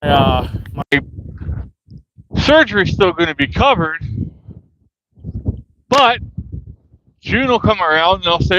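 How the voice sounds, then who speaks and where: A man's voice: sits high, normal speed, long pauses, sharp tone, muffled recording. A man walking outdoors in the cold wind, talking to his livestream from a handheld phone and ranting angrily with lots of swearing. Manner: casual folksy talk with y'all. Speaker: vlogger. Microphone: handheld phone at arm's length.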